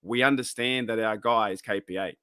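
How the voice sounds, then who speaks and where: A man hosting a fan livestream. He chats casually, rambles and gets excitable, greeting viewers by name. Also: fairly low pitch, fairly quick, smooth, no echo, clean studio sound. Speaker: host of a fan podcast livestream.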